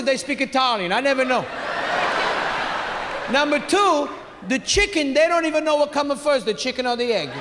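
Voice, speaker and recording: A stand-up comedian with a high, bright-edged voice works a big room, animated and loud on his punchlines. His voice rings with a long hall reverb, and crowd noise sits clearly behind him. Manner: animated, shouts punchlines, acts out family members. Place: large theater stage with audience.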